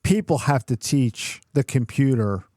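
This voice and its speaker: A man's voice: mid-range voice, animated, a little slow, mellow, no room sound, clean studio sound. A middle-aged man co-hosting a podcast, telling a workplace story in a cursing, ranting way. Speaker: podcast co-host. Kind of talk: casual chat.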